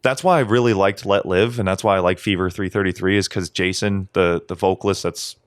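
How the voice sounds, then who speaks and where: A man co-hosting a podcast in casual chat, animated and swearing freely, often mimicking others in a raised voice. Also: deep voice, fairly quick, dry recording, studio quality. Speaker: podcast co-host.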